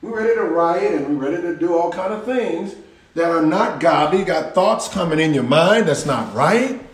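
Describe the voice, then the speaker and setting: A man's voice: a little high, animated, moderate pace, recorded from a distance. A man preaching a sermon in an emphatic, repetitive, folksy manner. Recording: roomy echo.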